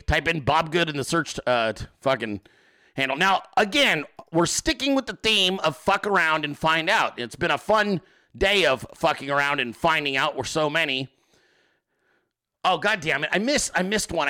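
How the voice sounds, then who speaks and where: A male host giving profane comedic political commentary, animated and often laughing. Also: a little high.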